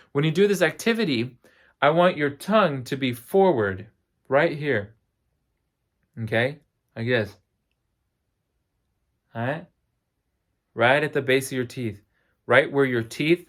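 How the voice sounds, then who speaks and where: A man with a tired voice giving a recorded singing lesson, explaining step by step and singing short demo words. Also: mid-range voice. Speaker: voice teacher.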